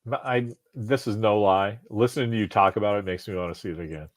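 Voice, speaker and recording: A man hosting a podcast in casual chat, animated and laughing often. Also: fairly low pitch, fast, no room sound. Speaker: podcast host.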